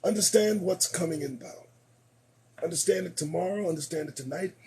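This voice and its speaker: A man hosting a late-night commentary show, losing his voice, emphatic and preachy, repeating lines for effect and swinging between shouting and muttering. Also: high voice, brisk.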